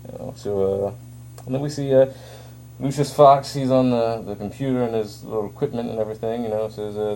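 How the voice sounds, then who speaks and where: A man's voice: medium pitch, steady tone, fairly quick, dark tone, a little hiss or hum. A man giving a casual spoken comic book review, hesitant and full of fillers, recorded on a phone. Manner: hesitant, filler-heavy, rambling.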